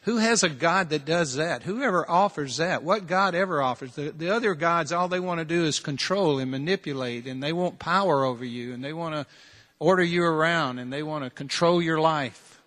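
Man, preacher, slightly high voice, earnest sermon delivery with long hall reverb. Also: normal speed, fairly bright tone. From United States. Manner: earnest, direct preaching full of repeated challenges and rhetorical questions.

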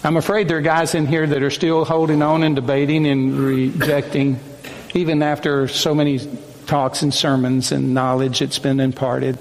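A man preaching a sermon to a group of men, speaking in a slow, solemn way with measured pauses. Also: a little high, level tone. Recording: long hall reverb, faint room ambience.

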